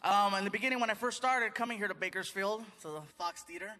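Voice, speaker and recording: A man's voice: high voice, fast talker, slight background noise. A man performing stand-up comedy on a theater stage, telling stories animatedly and slipping into put-on voices. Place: large theater stage before a live audience. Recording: live theater recording with loud crowd laughter.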